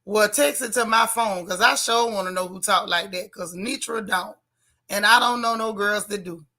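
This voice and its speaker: A woman's voice: mid-range voice, normal speed, sharp tone. A woman hosting a casual live chat, blunt and sassy, reading viewer comments aloud. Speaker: livestream host.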